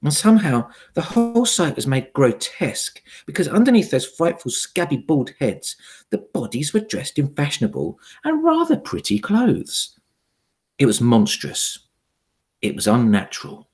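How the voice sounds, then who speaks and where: A man, a primary school teacher, reading a children's novel aloud with expressive, dramatic storytelling. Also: on the high side, a little slow.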